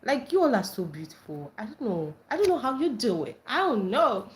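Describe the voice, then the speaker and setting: A woman hosts a casual live stream, chatting through viewer comments in a fairly high voice. She talks with lively warmth toward her viewers, breaking into laughter and loud, excited greetings. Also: moderate pace, few pauses. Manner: animated, laughs often, squeals greetings to viewers. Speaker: livestream host.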